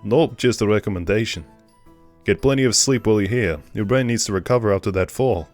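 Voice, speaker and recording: A man's voice: fairly low pitch, fairly quick, faint music behind, lightly acted. A man reading a curt mansion doctor. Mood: clinical.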